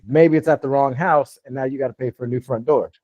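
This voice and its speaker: A man's voice: mid-range voice, fairly even intonation, fast talker, dry recording, muffled recording. A man in his fifties coaching a live online Q&A on real estate investing, talking casually and plainly in his lighter "customer service" voice, often checking in with "you know what I'm saying.". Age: 50s. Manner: talks in a lighter "customer service voice" than his usual one.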